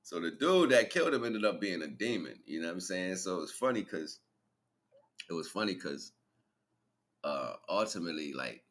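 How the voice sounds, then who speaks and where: In a low, sing-song voice at a moderate pace, fairly bright in tone, a man hosts a livestream. His casual spiritual monologue is loose and slang-filled, punctuated by laughter as he retells stories.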